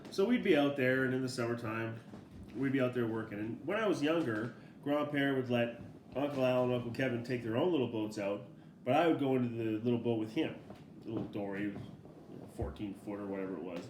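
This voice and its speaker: A middle-aged man, a father, casually telling a family story in a relaxed, rambling way, laughing often as he goes. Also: mid-range voice, fairly quick, slight background noise. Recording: roomy echo.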